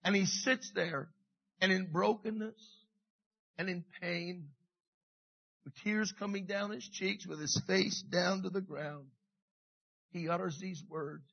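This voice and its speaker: A middle-aged man preaching a sermon with passion, dropping to a hush and rising again, repeating his phrases. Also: high voice, slow, vocal fry, pauses often, muffled recording. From Canada. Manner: passionate, swings from hushed to loud, repeats phrases. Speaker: pastor.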